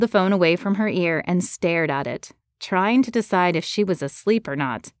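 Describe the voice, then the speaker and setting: A woman giving scripted narration of a romance audiobook in a measured, gentle way. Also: lowish voice, expressive, no room sound, clean studio sound.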